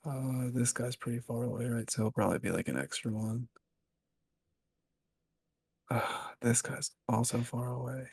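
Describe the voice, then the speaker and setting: A man's voice: medium pitch, moderate pace, creaky, pauses often, darkish tone, slightly rough, no room sound. A man playing a board game, chatting casually and muttering to himself while counting.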